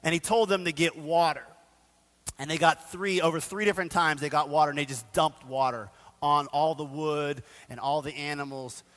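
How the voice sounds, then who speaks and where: Man, pastor, casual animated sermon, bright voice, reverberant church hall. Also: fairly high pitch, moderate pace. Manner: casual, animated storytelling with slang. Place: church sanctuary.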